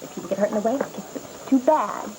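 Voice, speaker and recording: A woman's voice: a little high, brisk, noisy background, close to an everyday voice. An actress playing a young female student, agitated and pleading, in TV soap opera style. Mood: indignant. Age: young adult. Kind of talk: 1990s TV soap opera acting. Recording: TV audio with music underneath.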